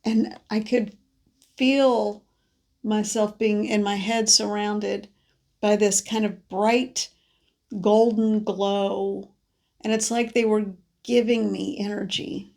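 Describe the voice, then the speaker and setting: Female card reader, mid-pitched, vocal fry, allergy-congested; soft, wandering delivery with pauses. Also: little pitch movement. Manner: gentle, meandering, with many pauses and restarts. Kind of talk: spiritual message monologue.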